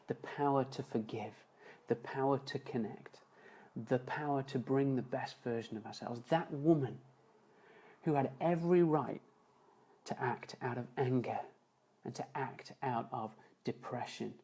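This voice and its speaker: A man telling an emotional story as a motivational speaker on a live stream, earnest, slowing and dropping softer for emphasis. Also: mid-range voice, husky, low-quality recording. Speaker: motivational speaker and seminar founder. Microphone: phone or webcam on a live stream.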